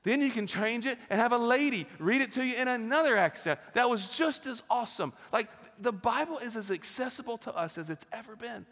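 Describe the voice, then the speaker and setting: A man's voice: very high voice, expressive, a little fast, few pauses, fairly bright tone. A man, preaching an earnest sermon full of rhetorical questions and repetition. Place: church sanctuary. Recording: long hall reverb.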